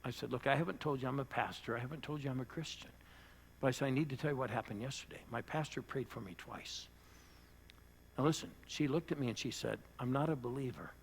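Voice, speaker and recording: An older man, a pastor, preaching to a church audience and telling a personal story, rising to loud bursts and dropping to hushed lines. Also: medium pitch, fast talker, creaky, slight background noise. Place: church service before a live audience.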